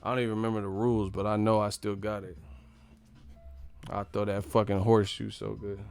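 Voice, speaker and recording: Low-voiced joking live stream guy. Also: level tone, brisk, creaky, clear, resonant tone. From United States. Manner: loud, profane, joking, laughs a lot. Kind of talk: casual live stream chat.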